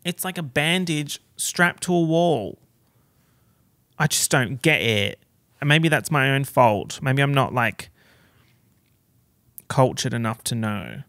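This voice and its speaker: An Australian man hosting a solo podcast, chatting in a camp, sassy, expressive way with big swings in pitch. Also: a little slow, no echo, clean studio sound. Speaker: podcast host. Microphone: podcast microphone.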